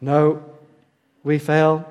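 A fairly high-voiced man preaches to his congregation with lively swings in intensity, pushing some phrases up loudly and letting others fall to a near hush. He often turns questions to the room. His voice carries a long echo through a church hall. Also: drawn-out words. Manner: animated, rises for emphasis and drops to a hush, asks the audience questions. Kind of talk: sermon to a congregation.

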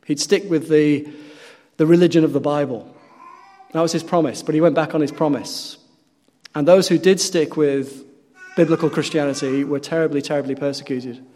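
A male pastor preaching a sermon, telling stories earnestly and swinging between loud emphatic peaks and quiet low passages. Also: fairly even intonation, normal speed. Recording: long hall reverb.

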